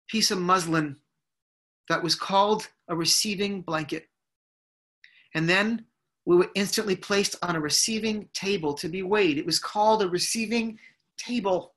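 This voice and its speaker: A man from Brooklyn giving an inspirational speech over a video call, in deliberate, repetitive, rhythmic phrases. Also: high-pitched, pushed and bright. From United States (Brooklyn, New York). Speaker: inspirational speaker.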